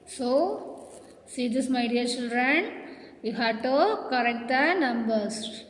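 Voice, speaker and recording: Slow-spoken, high-voiced woman teacher. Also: animated, a little hiss or hum. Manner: drawn-out, emphatic word-by-word delivery, calls children "my dear children". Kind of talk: online English lesson for young children. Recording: echoey room with long reverb.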